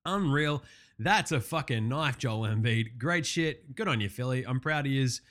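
A man hosting a casual sports recap, brash and profane with quick wisecracks. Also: mid-range voice, expressive, fairly bright tone. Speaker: podcast host.

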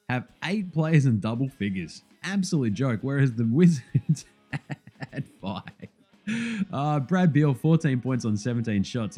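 A man hosting a casual basketball recap, sweary and jokey as he rattles off scores. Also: medium pitch. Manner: sweary, animated, jokey banter. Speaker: basketball podcast host.

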